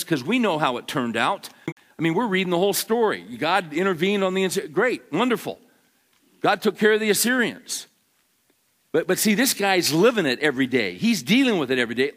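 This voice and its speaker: Man preaching with rising, emphatic intensity. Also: fairly high pitch. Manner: builds from quiet storytelling to loud, emphatic preaching with many repeated words. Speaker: pastor. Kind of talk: sermon.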